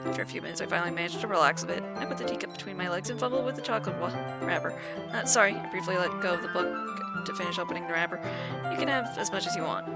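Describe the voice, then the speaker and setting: A woman's voice: fairly low pitch, racing. A young woman hosting a playthrough, reading a visual novel's text aloud with stumbles and giggly asides of her own. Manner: reads narration with stumbles and restarts, breaks into giggly asides. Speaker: let's play host. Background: game music.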